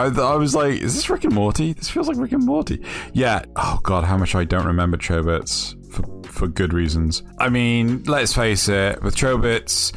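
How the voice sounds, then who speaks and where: A man hosting a casual comedy chat about anime questions, joking and animated, often jumping into high silly voices. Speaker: host answering anime questions. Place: online voice chat.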